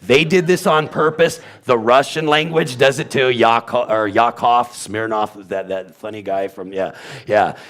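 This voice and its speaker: A man's voice: mid-range voice, moderate pace, fairly bright tone. A man giving an informal Bible teaching, sounding out letters aloud and wandering into asides. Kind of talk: informal teaching on Hebrew pronunciation.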